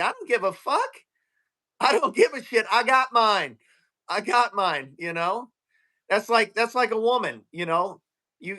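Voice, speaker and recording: A man in crude, profane casual chat on a livestream, telling stories and acting out quotes loudly. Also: high-pitched. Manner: profane, storytelling, loud acted-out quotes.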